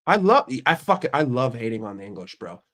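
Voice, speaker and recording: A man's voice: mid-range voice, big pitch swings, brisk, a bit bright. A young adult man from the United States hosting his channel, ranting casually with heavy swearing and a brash manner. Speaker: streamer and channel host. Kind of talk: casual profane rant.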